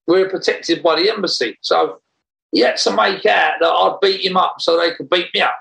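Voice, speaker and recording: A man recounting a story in a casual interview, animated and rambling, often laughing as he talks. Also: high voice, moderate pace, gravelly, low-quality recording. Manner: animated, laughs while telling, rambling restarts. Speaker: interview guest.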